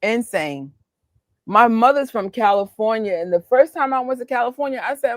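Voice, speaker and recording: A young woman, chatting casually as a co-host and telling animated stories with frequent laughter. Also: fairly high pitch, normal speed, dry recording. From New York. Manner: animated storyteller, laughs often, acts out exchanges. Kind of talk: casual chat.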